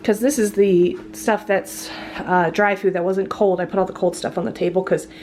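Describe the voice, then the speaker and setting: In her kitchen at home, an adult student with a job films a relaxed grocery haul while sick, her congested mid-range voice steady and moderately paced as she chats and laughs frequently. The recording has background noise.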